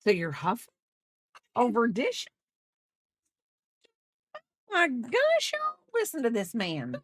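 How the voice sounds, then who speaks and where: A woman's voice: on the high side, wildly swooping pitch, slow pace. A middle-aged woman hosting a crochet livestream, chatting casually and teasing, often laughing. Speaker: livestream host. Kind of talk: casual chat while crocheting on stream.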